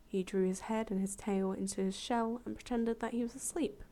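A woman reading a fable aloud as a storyteller, relaxed and chatty, with casual asides and self-corrections. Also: on the high side, moderate pace.

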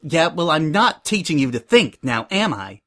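A man's voice: fairly high pitch, animated, normal speed, a bit bright. A man voicing a rude, bossy young female pony designer with a scoffing manner. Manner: scoffing, demanding.

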